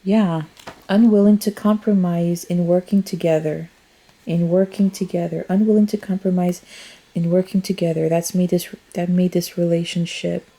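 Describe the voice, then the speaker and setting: A woman talks through a casual tarot reading at an unhurried, drawn-out pace. Her voice sits a little low and has a mellow, dark tone. She rambles as she thinks aloud and speaks frankly, swearing freely. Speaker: tarot reader.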